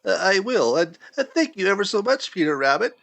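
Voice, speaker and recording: A man's voice: high voice, sing-song, a little fast, vocal fry, fairly bright tone, no echo, pitched above the performer's own voice, heavily acted. A man doing a small fretful mouse in a storybook. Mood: grateful. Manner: fretful, pleading. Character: small frightened hurt male meadow mouse. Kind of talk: storybook character voice.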